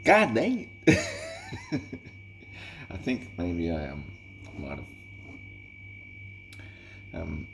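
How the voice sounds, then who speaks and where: A man's voice: low-pitched, wildly swooping pitch, drawn-out words, creaky, long pauses, faint music behind. A man rambling in a casual vlog monologue, swearing constantly and chuckling, with a mock-exasperated, slightly tipsy manner. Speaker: vlogger.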